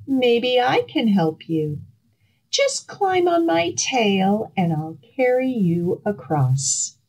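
A woman's voice: fairly high pitch, big pitch swings, takes it slowly, darkish tone, voice pushed up, heavily acted, rough recording. A woman voicing a sly, grinning fox who sweet-talks in a storybook reading. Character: sly grinning male fox, smooth-talking trickster.

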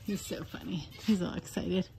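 A woman who runs a fox rescue, chatting casually to her foxes outdoors in cooing baby talk, with soft asides in between. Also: lowish voice, steady tone, normal speed, vocal fry, a little hiss or hum. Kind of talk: casual vlog talking to pet foxes.

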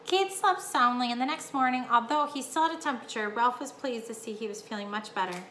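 Bright-voiced teacher reading aloud. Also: female voice, fairly high pitch, brisk. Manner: warm-up questions to the class, lively reading. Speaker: fourth-grade teacher. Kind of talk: reading a chapter book aloud. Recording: echoey room, faint hum.

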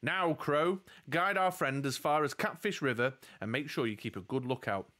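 A man's voice: medium pitch, moderate pace, bright, forceful tone, natural voice. A man voicing an old wizard, giving orders in a raised voice. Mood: commanding.

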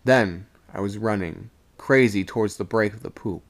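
A man reading a ghost story aloud on a live stream, slow and suspenseful. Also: on the low side.

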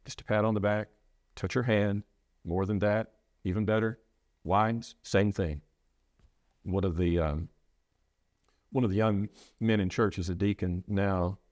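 A low-voiced middle-aged man speaks with earnest, halting sincerity, often stumbling and restarting mid-thought. He sounds like a preacher recounting something personal. The recording is dry and close, with no room sound. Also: fairly even intonation, darkish tone, no room sound. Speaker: preacher sharing his loss. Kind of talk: reflective interview talk.

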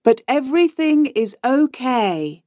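Calm young sailor man, a woman reading him, slow and plain, lively pitch. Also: no echo, studio quality, full character voice.

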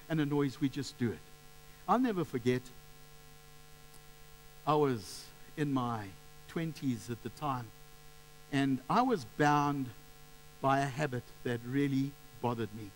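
A man's voice: a little high, a little hiss or hum, rough recording. A male preacher giving a sermon, telling stories with passion and stumbling over repeated words. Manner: impassioned storytelling with many repeated words.

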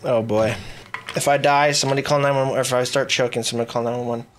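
A man streaming a video game live, talking excitedly and mockingly at himself with his mouth stuffed with marshmallows. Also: medium pitch, quick pace, faint music behind. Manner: muffled speech with marshmallows in mouth. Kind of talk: live gameplay commentary.

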